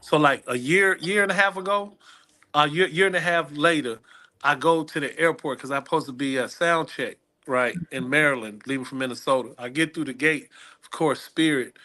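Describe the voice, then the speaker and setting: A man's voice: a little high, normal speed. A middle-aged man, a guest comedian, telling stories in a casual interview and acting out the people in them. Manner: animated, acts out the people in his stories.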